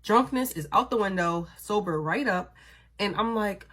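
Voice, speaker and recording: A woman vlogger telling a story in a casual, animated, dramatic way, swearing freely. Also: mid-range voice, normal speed.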